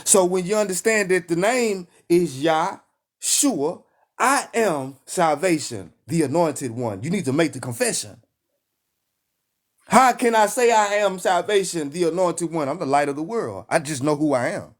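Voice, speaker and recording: A man's voice: on the high side, expressive, unhurried. A man with a Texan accent preaching with fire in a live stream, emphatic and repetitive, hammering his lines like a call and response. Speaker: online preacher.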